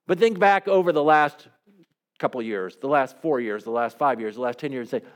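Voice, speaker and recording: A man's voice: medium pitch, animated, a little fast, clear, resonant tone. A male pastor preaching a sermon in a conversational, earnest way, often acting out the voices of people he quotes.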